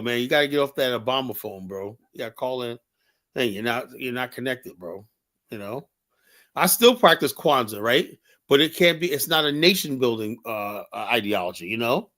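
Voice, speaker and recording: A man's voice: mid-range voice, a bit bright. A man hosting a livestream show, talking bluntly and rambling, with lots of "you know". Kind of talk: casual livestream commentary.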